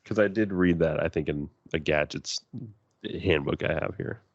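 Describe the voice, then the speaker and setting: A man's voice: moderate pace, no echo, muffled recording. A man co-hosting a fan podcast in casual chat, enthusiastic and jokey. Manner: enthusiastic, jokey, jumps into high quoted voices. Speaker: podcast co-host.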